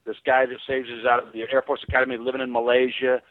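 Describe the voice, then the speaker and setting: A man's voice: medium pitch, flat delivery, quick pace, no echo, narrow, tinny audio. An American man calling in to a radio talk show, rambling with many restarts and fillers. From United States. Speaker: caller. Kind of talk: call-in radio rant.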